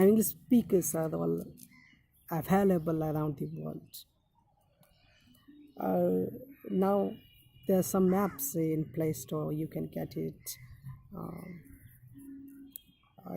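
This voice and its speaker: A woman teaching English, giving study tips in a deliberate way, often repeating key phrases and starting with "now". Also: on the low side, creaky, dark tone, slight background noise.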